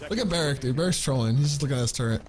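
A man streaming a game, giving loud, hyped, boastful commentary full of swearing. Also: fairly high pitch, lively intonation, fast talker, crowd noise. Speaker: gaming streamer. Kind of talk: excited gameplay commentary. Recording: game music loud behind voice. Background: loud game music.

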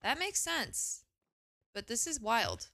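A young woman streaming a game, chatting casually and gushing with excitement, often exclaiming and swearing. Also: a little high, takes it slowly, creaky, no room sound, studio quality. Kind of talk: casual live gaming commentary.

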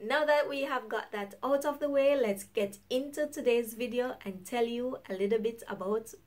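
A woman's voice: on the high side, moderate pace. Upbeat Jamaican woman vlogging. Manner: upbeat, chatty, laughs often. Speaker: YouTuber host. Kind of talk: casual vlog chat.

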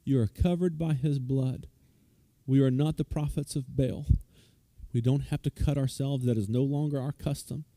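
Mellow-voiced pastor preaching a casual sermon. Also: male voice, mid-range voice, moderate pace, no echo, studio quality. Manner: informal, with frequent restarts and fillers; grows lively and loud when retelling a story. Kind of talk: conversational sermon. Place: church service.

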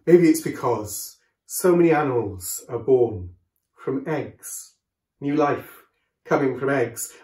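A man leading a children's collective worship, telling a story gently and expressively for young listeners. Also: medium pitch, echoey room. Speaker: school worship leader.

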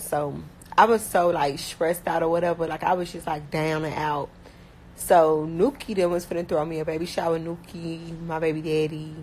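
A young woman from Miami with a Miami accent, chatting casually and bluntly, talking fast with lots of slang and filler words. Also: deep voice, a little mellow, slight background noise, low-quality recording. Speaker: rapper talking about her life. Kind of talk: casual chat.

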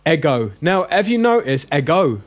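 A man's voice: on the high side, sing-song, moderate pace. A man teaching a classroom language lesson, joking and coaxing his students with questions.

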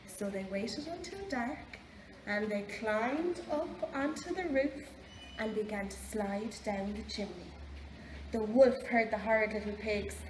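A woman with an Irish accent reading a picture book aloud to children in a library, slow and expressive. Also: fairly high pitch. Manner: slow, expressive, lively storytelling. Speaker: library storyteller. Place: library room. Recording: echoey library room, faint background noise.

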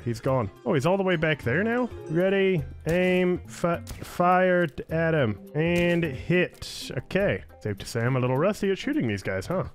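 A man giving playful let's-play commentary, teasing the creatures he fights in the game. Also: fairly high pitch. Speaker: gaming YouTuber. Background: game music.

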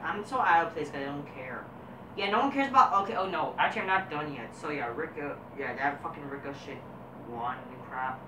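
A woman's voice: low voice, pushed and bright, slight background noise. A woman reviewing wrestling as a vlogger, ranting crudely with constant swearing and a dismissive, combative manner. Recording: roomy echo, voice distant from mic.

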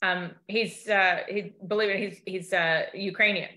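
A woman from the United States co-hosting a casual chat, telling stories animatedly in quick bursts. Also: medium pitch, steady tone, sharp tone. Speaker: podcast co-host. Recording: roomy echo.

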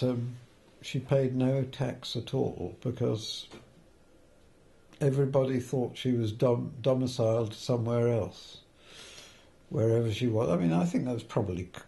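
A man's voice: medium pitch, creaky, mellow. An older man, a film editor, telling anecdotes in an interview, hesitant with fillers and restarts and the odd chuckle.

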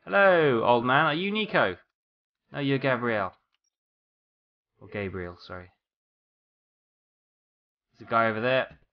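A man's voice: mid-range voice, expressive, measured pace, pauses often, muffled recording. A man giving casual let's-play commentary, rambling as he talks to game characters and apologizes to them. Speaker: gameplay commentator.

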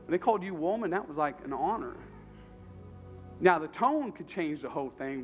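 A man's voice: a little high, very animated, normal speed, narrow, tinny audio, soft background music. A man preaching a sermon as pastor, talking conversationally and animatedly and repeating his phrases.

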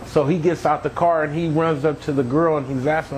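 A man's voice: fairly high pitch, a little fast, hardly any pauses, a little hiss or hum, poor audio. Man giving an earnest testimony. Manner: earnest, animated storytelling, acting out others' cries. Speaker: testimony speaker. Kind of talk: personal testimony.

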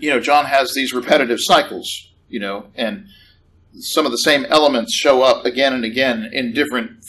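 A man preaching a sermon in a church, conversational and animated, rising in pitch on questions. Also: slight background noise, low-quality recording. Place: church hall.

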